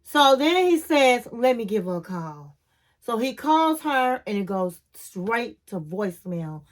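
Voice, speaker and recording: A woman's voice: on the high side, big pitch swings, measured pace. A woman hosting a casual reality TV recap, retelling scenes and quoting people with sassy asides.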